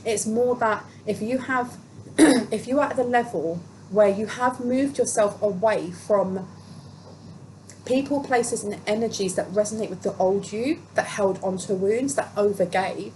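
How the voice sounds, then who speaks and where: A woman's voice: medium pitch, measured pace. Chatty woman reading tarot, noisy background. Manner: chatty, emphatic, repeats phrases for stress. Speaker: tarot reader. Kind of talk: casual tarot reading to camera. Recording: steady background noise.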